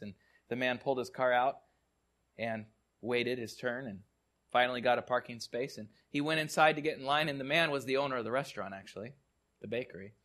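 A man preaching a sermon in a mid-range voice and telling stories. He often repeats words as he speaks. He drops to soft, quiet tones for the serious parts. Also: medium pitch, brisk. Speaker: pastor.

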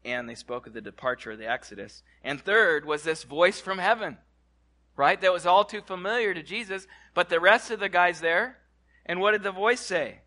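A man preaching to his congregation in a church, animated, repeating words and asking the room questions. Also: sits high, moderate pace. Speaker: pastor. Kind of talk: sermon. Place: church hall.

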